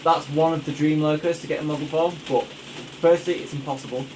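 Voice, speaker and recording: A man's voice: fairly high pitch, steady tone, fast, background noise. Enthusiastic young man. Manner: enthusiastic, rambling with many fillers. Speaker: podcast host. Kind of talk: casual chat.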